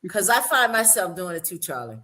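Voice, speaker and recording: A woman from Alabama with a Southern accent, hosting a casual panel chat with lively, teasing, folksy talk. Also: fairly low pitch, a little fast. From Monroeville, Alabama. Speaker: show host.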